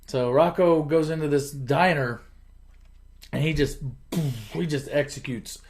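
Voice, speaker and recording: A man hosting his channel, casually retelling a movie plot in an animated, chuckling, conversational way. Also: a little high, a little slow. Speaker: channel host.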